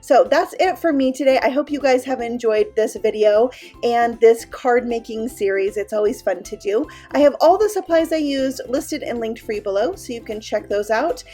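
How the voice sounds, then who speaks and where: A woman with a higher, dark-toned voice and lively intonation hosts a card-making tutorial voice-over at a moderate pace, with faint music behind her. She chats upbeatly, explaining each step as she works.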